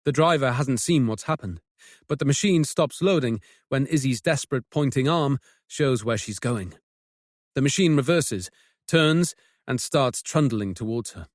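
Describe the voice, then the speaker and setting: A man narrating a mystery audiobook with measured, tense storytelling. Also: medium pitch, animated, no echo, studio quality. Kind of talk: scripted narration.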